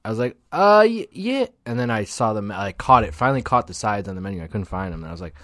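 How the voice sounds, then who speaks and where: A laid-back man with an Ohio accent and a very low voice, recorded dry and close. He chats casually with a friend on a podcast, trading dry asides and short reactions. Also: steady tone, rapid-fire, pushed and bright, no echo. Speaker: podcast co-host. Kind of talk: casual chat.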